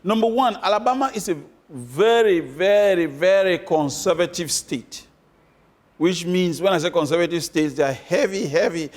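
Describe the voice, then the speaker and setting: Male guest, high voice, emphatic, hammers points home by repetition. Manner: emphatic, repeats points for stress. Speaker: interview guest, former candidate. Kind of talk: interview answers.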